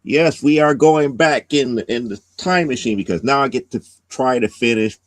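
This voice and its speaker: A man's voice: medium pitch, moderate pace, no echo. A man hosting a casual comics podcast, giving a rambling plot recap with many restarts. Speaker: podcast host.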